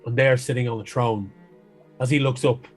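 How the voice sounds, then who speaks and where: A man running a fantasy tabletop game, narrating scenes at an ordinary pitch. His storytelling is descriptive and unhurried, and he now and then stops to restart a phrase. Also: fairly even intonation, soft background music. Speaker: game master.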